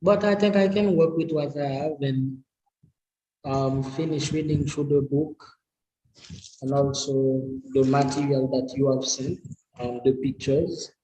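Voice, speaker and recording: A man studying to preach, reading his notes aloud and sounding out hard words slowly and carefully, with English not his first language. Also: mid-range voice, steady tone, mellow, low-quality recording. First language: a language other than English. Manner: slow and careful, sounds out and repeats difficult words. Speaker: preaching student.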